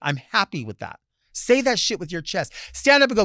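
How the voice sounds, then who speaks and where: A man hosting a talk show, delivering a sassy, theatrical solo monologue with loud bursts and low asides. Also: wildly swooping pitch, moderate pace, dry recording, studio quality. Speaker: host.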